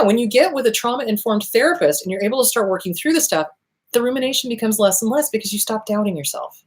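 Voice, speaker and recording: A woman therapist hosting a podcast, giving casual advice, swearing freely and acting out quoted voices. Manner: swears freely, acts out quotes with big pitch jumps.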